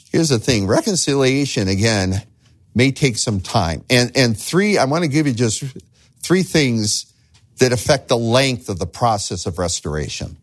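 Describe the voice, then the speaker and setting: A man's voice: mid-range voice, big pitch swings, normal speed. A man preaching a sermon as a pastor, earnest, asking the listeners rhetorical questions and repeating words as he starts phrases.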